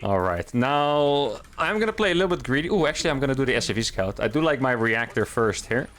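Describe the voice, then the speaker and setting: A man's voice: medium pitch, sing-song, fast talker, a bit bright. Chatty man commentating his own game. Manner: thinks aloud while playing, chatty and upbeat. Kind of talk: casual live game commentary.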